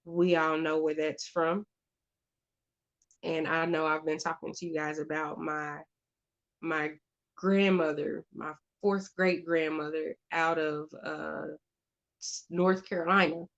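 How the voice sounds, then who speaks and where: Slow-talking, chatty woman host. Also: sits low, level tone, vocal fry, highs cut off. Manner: chatty, halting, many fillers and restarts. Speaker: podcast host. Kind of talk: casual storytelling chat.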